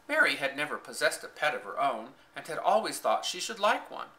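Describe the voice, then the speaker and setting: A man's voice: a little high, brisk, poor audio. A man reading a children's classic aloud as scripted narration, voicing each character in turn. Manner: expressive storytelling, voicing characters. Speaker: audiobook reader.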